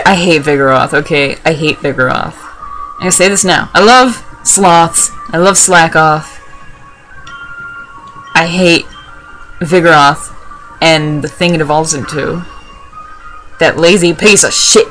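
A young woman with a lowish voice chatting over a video game as she plays. She rambles from topic to topic, talks to herself and swears freely. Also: measured pace, pauses often, fairly bright tone, soft background music. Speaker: let's play host. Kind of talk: casual gameplay commentary.

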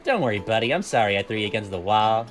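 A man's voice: fairly low pitch, fast talker, over music. A man streaming video games, talking through the play in a casual, profane way and often laughing at himself. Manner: animated, profane, laughs often, self-deprecating. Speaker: game streamer. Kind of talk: casual gameplay commentary.

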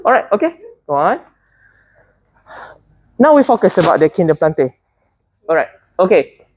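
Husky woman lecturing a class. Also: fairly low pitch, big pitch swings, moderate pace, darkish tone, no room sound. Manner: chatty, teasing, restarts words. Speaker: botany lecturer.

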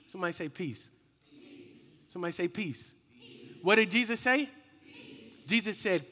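A young man preaching a slangy, call-and-response youth sermon, rising into shouts. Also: high-pitched, moderate pace, long pauses. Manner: lively and slangy, calls out to the crowd and rises to shouts. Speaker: youth minister. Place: hall with a youth group. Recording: echoey hall with long reverb.

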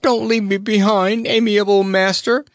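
A man voicing a fat little jolly man who pleads in a high, sobbing voice. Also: little pitch movement, measured pace, no room sound, clean studio sound.

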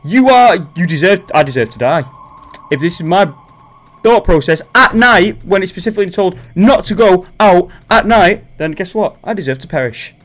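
A man giving comedic, excitable horror game commentary, joking and swearing as he plays. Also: high-pitched, normal speed. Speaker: gaming commentator.

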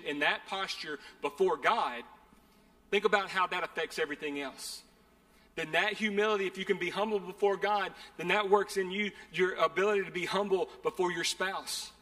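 A man's voice: on the high side, bright, forceful tone. A man preaching a sermon, earnest and conversational, often repeating phrases. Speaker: pastor. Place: church sanctuary. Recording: long hall reverb.

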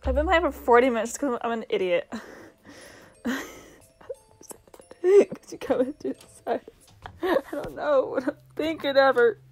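A young woman with a high, light voice talks her way through a game, reading its lines aloud and scolding herself in exasperated mutters. Faint game music plays behind her. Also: unhurried, long pauses, darkish tone. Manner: self-deprecating, exasperated muttering. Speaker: gamer. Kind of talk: let's play commentary reading game text aloud.

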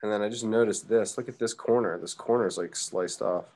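A man's voice: on the low side, fairly even intonation, brisk, a little mellow. A young man teaching a live drawing class, chatting casually and thinking aloud as he sketches. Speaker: art teacher.

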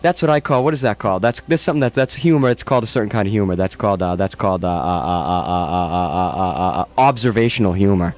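A man hosting a radio talk show, rambling in a theatrical, mock-serious way that swings between loud and low. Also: fast, few pauses. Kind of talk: rambling comedic radio banter.

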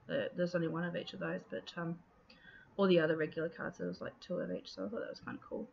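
A woman's voice: fairly low pitch, quick pace, vocal fry. A woman talks casually through her craft process in an easy, rambling way, full of ums and half-finished thoughts. The recording sounds a bit dull and lo-fi, with a faint hiss underneath. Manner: chatty, relaxed, many ums and trailing thoughts. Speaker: scrapbooking video host.

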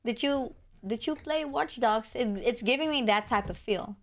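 A gaming reaction vlogger with a hoarse, fairly high-pitched voice gushes excitedly over a game trailer at a moderate pace. She exclaims constantly and repeats her outbursts.

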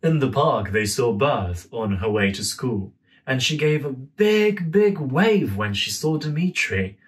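A young man in a gentle, friendly manner, reading a children's story aloud at home. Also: mid-range voice, sing-song, unhurried. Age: young adult. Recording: voice a bit far from mic.

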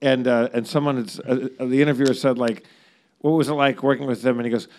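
A man's voice: mid-range voice, fairly even intonation, quick pace, darkish tone. A man in a casual chat who stammers and repeats words as he asks questions.

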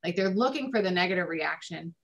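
A woman's voice: lowish voice, expressive, fairly quick. A woman family therapist giving advice in a recorded discussion, conversational with frequent ums and likes.

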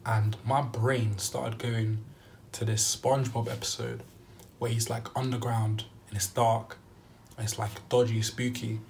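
A young man vlogging a travel story, animated and acting out what he said at the time. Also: mid-range voice, a little slow, gravelly, a little hiss or hum. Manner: animated storytelling, acting out his own quotes. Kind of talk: storytime vlog.

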